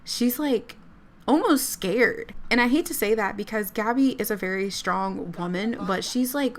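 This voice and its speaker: A woman's voice: medium pitch, measured pace, a little hiss or hum. Chatty woman narrating a life-sim story. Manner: chatty, narrates sims' thoughts in quoted lines. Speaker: let's play creator. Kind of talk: casual game storytelling.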